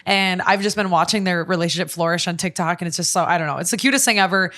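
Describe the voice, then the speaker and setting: A young woman with a Minnesotan accent hosts a podcast in a relaxed, chatty way. Her voice sits a little low, and she gushes with upbeat enthusiasm. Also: quick pace. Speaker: podcast host. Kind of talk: casual chat.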